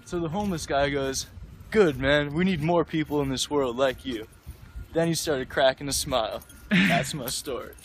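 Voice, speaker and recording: A young man casually telling a story outdoors, relaxed and easygoing. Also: on the high side, normal speed, slight background noise. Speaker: interviewee.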